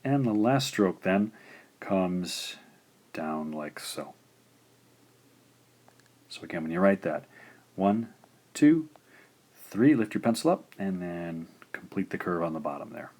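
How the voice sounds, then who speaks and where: A man teaching beginner Japanese writing, explaining stroke order patiently and sounding out syllables slowly and deliberately. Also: deep voice, big pitch swings, a little mellow. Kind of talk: instructional explanation.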